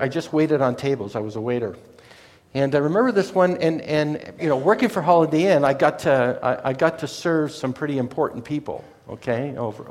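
A man telling a personal story in a rambling, digressive way that is full of self-corrections. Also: medium pitch. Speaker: speaker recounting a personal story. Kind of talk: casual spoken storytelling.

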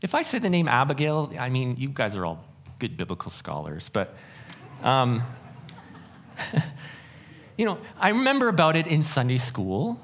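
A man's voice: mid-range voice, huge pitch swings, unhurried, long pauses, a bit bright. A man preaching a sermon, earnest and self-deprecating, often restarting his sentences as he builds his points. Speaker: pastor.

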